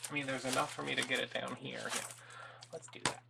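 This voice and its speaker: A man with a gravelly voice, wandering through joking, rambling asides as he works on a craft project. He talks casually to his viewers with a self-mocking streak. Steady background noise sits under his voice. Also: mid-range voice, fast talker. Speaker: DIY craft vlogger. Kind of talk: casual crafting vlog chat. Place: crafting table indoors.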